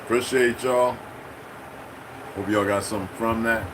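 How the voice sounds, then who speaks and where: A man's voice: lowish voice, steady tone, normal speed, noisy background. A middle-aged man hosting his own channel, ranting unscripted, profane and confrontational. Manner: mimics other people in quoted exchanges. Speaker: channel host. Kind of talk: unscripted political rant.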